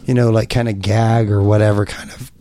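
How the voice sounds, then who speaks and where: A man's voice: fairly low pitch, level tone, brisk, mellow. A man in his thirties from Kansas, hosting a casual podcast and telling jokey, rambling stories. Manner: rambling, joking storyteller. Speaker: podcast host. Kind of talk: casual chat.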